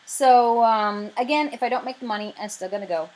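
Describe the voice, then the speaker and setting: Chatty Canadian woman, rambling pitch. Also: brisk, a little mellow, rough recording. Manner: chatty and rambling, many fillers and restarts. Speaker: writer pitching her crowdfunding campaign. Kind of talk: casual talk to camera.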